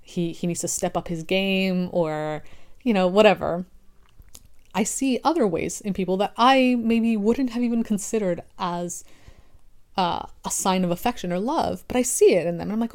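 A woman's voice: medium pitch, brisk, a little mellow. A young adult woman, an online creator, talking through her thoughts in a casual, rambling monologue full of restarts.

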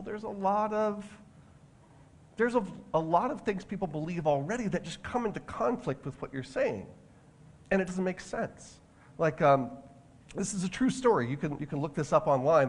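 A man preaching a sermon in a conversational way, with frequent restarts and asides. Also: a little high. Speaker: pastor.

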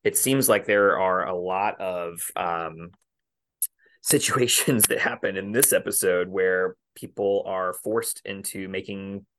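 A man hosting a casual podcast, animated and quick to laugh, with his voice jumping up in pitch when he gets excited. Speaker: podcast host.

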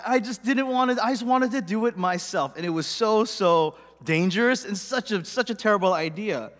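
A man giving a sermon in an animated, conversational storytelling way, filled with 'like' fillers, in a church hall. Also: sits high. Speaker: preacher. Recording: long hall reverb.

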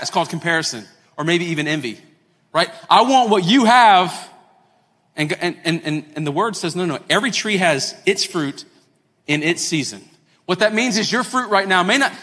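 A pastor delivering a lively sermon to his congregation, acting out quoted voices and repeating words as he builds his points. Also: sits high. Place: church sanctuary. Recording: long hall reverb, faint music.

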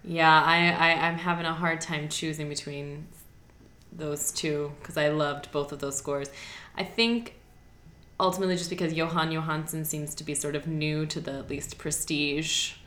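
A woman's voice: low voice, steady tone, moderate pace, a bit bright. A woman in casual chat about film awards, talking with many fillers and laughing often. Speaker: podcast co-host. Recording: echoey room with faint noise.

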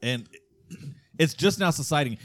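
Self-mocking male co-host, bright and dry. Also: on the high side, a little slow, dry recording. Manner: animated, self-mocking storyteller. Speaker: podcast co-host. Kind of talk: casual chat.

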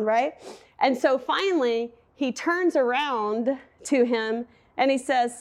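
A middle-aged woman preaches with a somewhat high voice, telling a personal story in a loose, chatty way. She fills gaps with ums and asides as she works toward her point. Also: lively intonation, measured pace, a little mellow. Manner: storytelling, southern "y'all", conversational with fillers.

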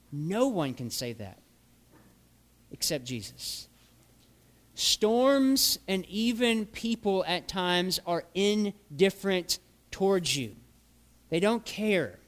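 Man, pastor, sermon delivery, high voice, slow and deliberate, earnest rhetorical questions.

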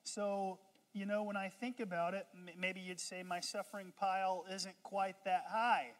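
An animated preacher delivering a sermon with call-and-response, talking at a medium pitch. The voice soars high and loud in playful asides, then settles back. Long reverb of a large church hall trails every phrase. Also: normal speed. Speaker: pastor.

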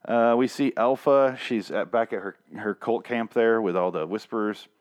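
A man's voice: on the low side, moderate pace. Rambling, profane man recapping comics. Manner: rambling, profane, many restarts and fillers. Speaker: comic reviewer.

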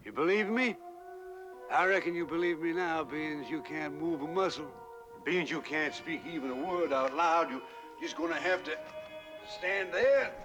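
A man's voice: on the high side, normal speed, close to an everyday voice. An actor voicing an eccentric old Southern witch man, drawling and taunting, over a music bed. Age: older. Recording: film clip with music behind.

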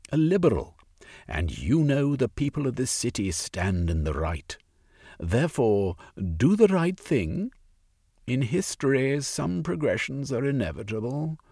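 A man with a mid-range, creaky, somewhat mellow and slightly rough voice performs a heavily acted storybook reading, raising his pitch above his natural voice to play an earnest woman pleading with a lord. The recording is dry and studio quality.

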